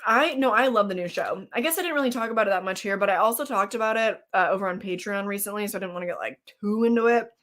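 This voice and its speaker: Here a woman races through her words with few pauses, her medium-pitched voice a bit bright. Snacking on stream, she rambles casually about horror movies, reacting to chat and filling gaps with fillers and laughs.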